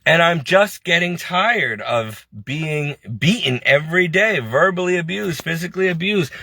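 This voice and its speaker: A man's voice: on the high side, animated, measured pace, bright, forceful tone, no room sound. A man venting in a heated, preachy monologue, scolding and then complaining with frustration. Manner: frustrated, self-pitying. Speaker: lay preacher.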